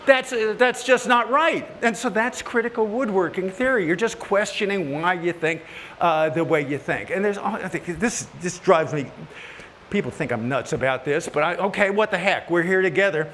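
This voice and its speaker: Animated high-voiced storyteller man. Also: normal speed, slight background noise. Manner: folksy, animated, joking, often rising high when worked up. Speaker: woodworking TV host giving a stage talk. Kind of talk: humorous storytelling to a live audience. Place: large hall at a woodworking event. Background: audience laughter.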